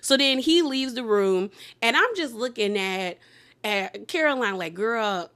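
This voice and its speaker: Brief: chatty woman host, slightly high voice, sassy reality-show recapper, loose conversational rhythm. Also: a little slow. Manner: animated, laughs often, acts out quotes with pitch jumps; sassy, conversational, heavy use of "like". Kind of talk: casual recap commentary.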